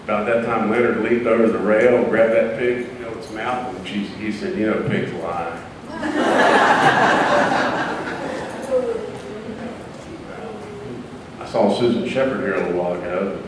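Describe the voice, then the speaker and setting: A man telling a folksy joke story to a live audience, deadpan with loose pauses. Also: fairly low pitch. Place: large conference hall. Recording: echoey hall from far off, noisy.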